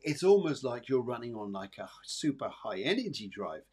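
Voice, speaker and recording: A man's voice: mid-range voice, very animated, normal speed, darkish tone, husky. A man hosting a live psychic show, giving reassuring, rambling readings full of fillers and repeated phrases. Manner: rambling and repetitive, many fillers and restarts; soothing, reassuring, addresses viewers by name. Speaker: psychic medium and show host.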